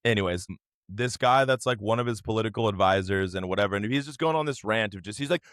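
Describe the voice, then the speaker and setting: A man's voice: fairly low pitch, fast, fairly bright tone, no room sound, studio quality. A man hosting a podcast, ranting in casual chat with lots of filler words and swearing. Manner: rambling, profane, heavy use of "like". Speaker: podcast host.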